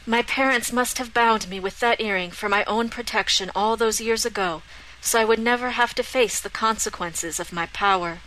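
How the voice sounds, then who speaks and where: A woman voicing a calm, resolute young prince who speaks in a firm, measured, earnest way. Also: on the high side, a little hiss or hum, rough recording.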